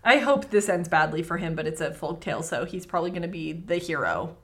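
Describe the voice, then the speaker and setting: A woman's voice: fairly low pitch, animated, brisk. An American woman co-hosting a casual podcast, reading folktales aloud and breaking in with profane, joking asides. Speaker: podcast co-host.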